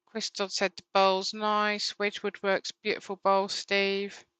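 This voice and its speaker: A woman with a clear, bright voice reads viewers' comments aloud and ribs her co-host now and then. Her tone is smooth and crisp, and the sound is dry and close. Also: mid-range voice, completely flat delivery, slow pace, dry recording, low-quality recording. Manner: teasing, reads messages aloud. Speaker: co-host reading out chat comments. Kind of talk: reading viewer comments on a live stream. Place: home workshop.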